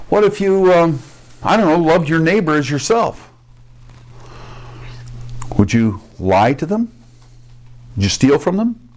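A man's voice: a little high, darkish tone. A male pastor preaching a sermon in a conversational way, with joking asides, restarts and rhetorical questions.

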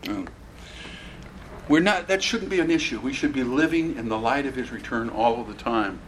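Amid slight background noise, a pastor with a mid-range voice moves at a moderate pace through an expository sermon. He keeps it animated, quizzing the congregation and voicing the characters from the passage.

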